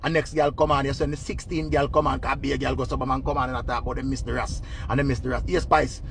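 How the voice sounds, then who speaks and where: A man with a Jamaican accent giving casual, animated gossip commentary in patois. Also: mid-range voice, quick pace, vocal fry, slight background noise. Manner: animated, laughing, patois storytelling.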